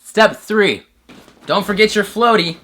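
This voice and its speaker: A young man with a bright, forward voice hosts a satirical comedy bit. He delivers mock-serious narration in a flat, dry tone, then breaks into crude, shouty bro outbursts. His humor is sarcastic and profane throughout. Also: sits high, a little slow. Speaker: comedy sketch host.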